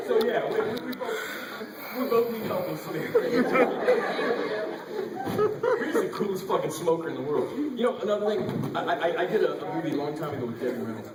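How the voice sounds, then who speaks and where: A man on a convention panel telling stories to the audience, swearing and laughing a lot. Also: a little high. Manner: profane, animated, laughing storyteller. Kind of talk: casual storytelling with audience. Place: convention hall, crowd around. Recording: echoey hall from far off, loud crowd noise.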